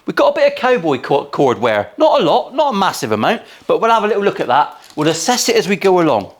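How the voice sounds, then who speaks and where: A man's voice: sits high, very animated, quick pace. A man in his forties, a luthier giving casual workshop commentary full of cheeky, crude, sweary asides. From England. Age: 40s. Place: guitar workshop.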